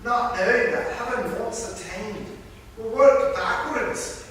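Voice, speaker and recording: A man's voice: high voice, slow, fairly bright tone, a little hiss or hum, voice pushed up. A man reading aloud as a kindly old male spirit guide, in a put-on Scottish accent, heard from far off in an echoey hall. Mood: earnest. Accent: Scottish (put on, weak).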